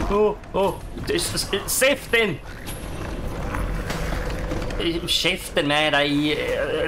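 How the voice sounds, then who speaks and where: A man giving excitable, swearing let's-play commentary while he plays a game. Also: sits high, slow, long pauses, noisy background. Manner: excitable, swears, talks to himself. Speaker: gaming streamer.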